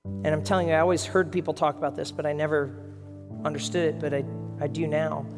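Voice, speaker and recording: A man delivers a heartfelt sermon, moving from quiet reflection into earnest storytelling. His voice rings through a church hall with a long reverb. Soft music plays faintly underneath. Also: on the high side, level tone, quick pace. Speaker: pastor.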